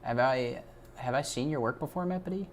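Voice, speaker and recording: A man hosting a casual livestreamed portfolio review, excitable and jokey, gushing over the artwork. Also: medium pitch, brisk, slight background noise. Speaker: host of a portfolio review stream.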